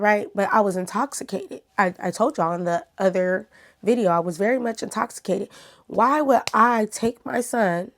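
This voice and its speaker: Woman vlogger, chatty storyteller talking straight to her audience, mid-pitched voice. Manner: chatty, talks straight to viewers. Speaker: YouTuber. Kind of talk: casual storytime vlog.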